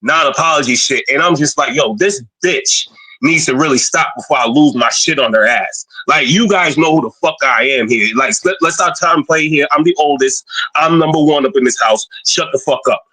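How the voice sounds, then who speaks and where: A man in casual chat recounting an argument in an animated way, acting out both sides with quoted voices. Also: on the high side, moderate pace, breathy edge, low-quality recording.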